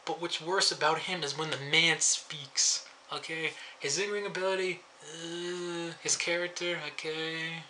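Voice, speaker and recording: A man's voice: on the high side, fairly even intonation, a little slow, few pauses, sharp tone, slight background noise. A man giving a rambling, sarcastic casual review, chuckling at his own jokes. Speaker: wrestling show reviewer.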